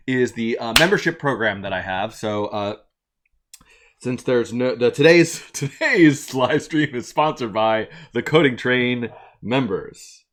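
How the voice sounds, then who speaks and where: A man hosting a casual live stream from a home attic studio, rambling and self-deprecating, laughing often between thoughts. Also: medium pitch. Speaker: live-stream coding host.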